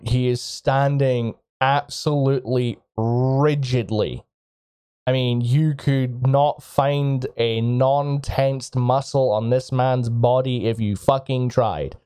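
A man's voice: medium pitch, dark tone, clean tone, no room sound, clean studio sound. A man narrating a tabletop game as game master, casual and profane between scenes. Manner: casual, swears, self-mocking.

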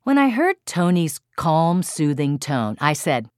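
Woman, low voice, dry close recording, expressive audiobook narration, parenting workshop leader. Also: unhurried, hardly any pauses, dry recording. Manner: expressive, emphatic storytelling.

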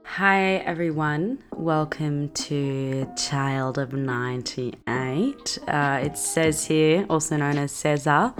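A woman's voice: deep voice, slow, hardly any pauses, faint music behind. A young Australian woman in her twenties hosting a solo podcast, ranting bluntly and sarcastically with plenty of swearing. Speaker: podcast host.

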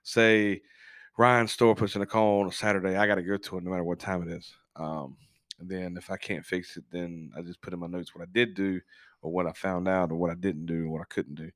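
A man hosting a casual podcast, telling a personal story in a halting, candid way with frequent swearing. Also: deep voice, little pitch movement, a bit bright, no echo, clean studio sound. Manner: works as an on-call technician, speaks plainly about long shifts. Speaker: podcast host.

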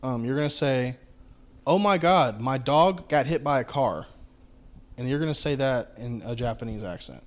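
A man's voice: mid-range voice, animated, moderate pace. A young man co-hosting a podcast in loose, joking chat, often restarting his words. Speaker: podcast co-host. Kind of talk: casual chat.

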